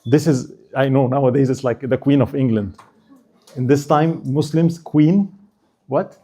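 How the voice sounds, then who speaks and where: A man giving a storytelling history lecture at a mosque, asking animated rhetorical questions and acting out the people in the story. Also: medium pitch, measured pace.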